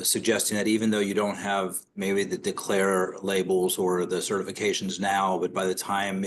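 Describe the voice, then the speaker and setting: A man with a fairly low voice asks a long, winding question in a webinar, clearing his throat as he goes. A faint noise sits under his voice. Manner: rambling, repeatedly clears throat. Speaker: webinar participant asking a question. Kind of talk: casual spoken question.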